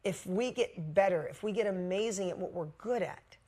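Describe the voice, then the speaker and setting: A woman business coach telling a motivational story to a live group, energetic and blunt, swearing casually. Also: mid-range voice, moderate pace.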